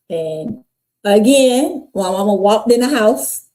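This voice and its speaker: A woman's voice: medium pitch, a little slow. A woman, guest on an interview podcast, telling her life story candidly and acting out the people in it. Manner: animated, acts out voices in her stories.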